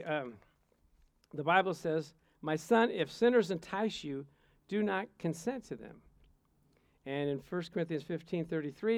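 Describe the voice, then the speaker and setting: A man's voice: sits high, dry recording. A man preaching a sermon, telling playful personal stories and chuckling between points. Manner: storytelling, playful, chuckles often. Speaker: pastor.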